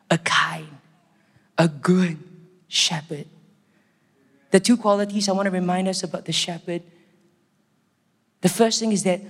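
A man preaching a sermon in an earnest, conversational way. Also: sits high. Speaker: pastor. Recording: echoey hall.

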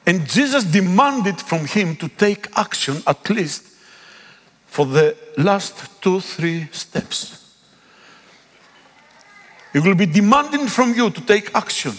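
A man whose first language is Greek, preaching a sermon in a church, pleading and rising to loud calls. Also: high-pitched, very animated, takes it slowly, pauses often. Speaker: pastor. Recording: long echo of a big hall.

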